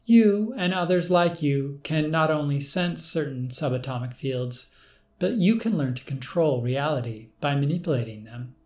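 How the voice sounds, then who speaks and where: A man reading an audiobook, voicing a calm, commanding male clone of the narrator who speaks in an assured, cryptic way. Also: a little high, normal speed, lightly acted.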